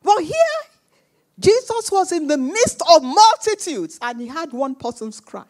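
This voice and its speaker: A woman's voice: sits high, very animated, a little slow, darkish tone. A woman preaching a sermon with emphatic repetition, acting out the voices of the people in her stories. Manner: emphatic, repeats phrases, acts out quoted voices.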